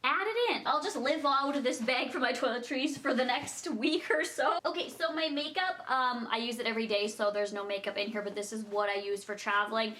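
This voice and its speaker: A woman's voice: on the high side, a bit bright, slight background noise. A young woman chatting casually in a vlog as she packs, rambling and giggling as she talks. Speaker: vlogger.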